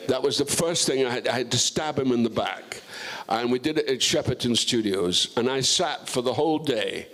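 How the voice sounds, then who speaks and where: A man's voice: medium pitch, normal speed, fairly bright tone. Older man telling rambling stage anecdotes. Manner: rambling, full of restarts and "you know", acting out quoted voices. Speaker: actor, guest of honor. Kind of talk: relaxed career storytelling on stage. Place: festival stage.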